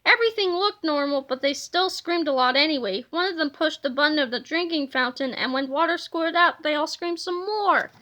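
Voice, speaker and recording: A woman reading a children's book aloud in an animated storybook manner. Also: high voice, fairly quick, hardly any pauses. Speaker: reader.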